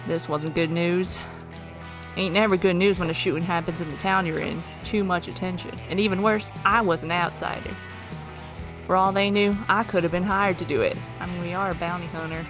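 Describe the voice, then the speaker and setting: A streamer reading a western story game aloud, with playful asides. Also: mid-range voice.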